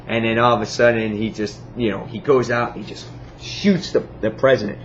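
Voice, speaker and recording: A man's voice: fairly low pitch, fairly even intonation, moderate pace, highs cut off, a little hiss or hum. A man giving a casual comic book review, enthusiastic and rambling, full of fillers and acted-out quotes.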